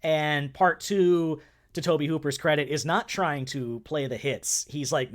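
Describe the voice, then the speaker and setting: A man's voice: a little high, fairly even intonation, a little slow. A man co-hosting a casual movie podcast, chatty and often laughing at his own jokes. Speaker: podcast co-host.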